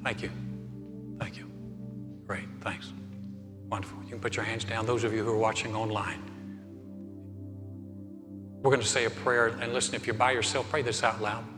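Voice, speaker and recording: A male pastor preaching a sermon in a church sanctuary, building to fervent emphasis and then softening into quiet prayer. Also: lowish voice, flat delivery, fairly quick, long pauses. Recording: long hall reverb, faint music.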